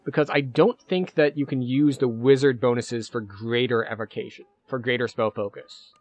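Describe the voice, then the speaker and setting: Streamer: a man, casual running commentary while he plays, middle pitch, faint game music. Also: moderate pace. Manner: casual, chatty, thinks out loud with fillers. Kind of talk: live-stream gameplay commentary.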